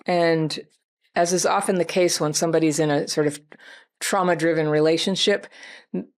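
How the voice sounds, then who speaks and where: A woman with a low voice gives advice in reply to a viewer's letter. She sounds gentle and reflective and talks straight to the person who wrote in. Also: steady tone, normal speed. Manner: gentle, reflective, speaks directly to the listener. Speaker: advice host.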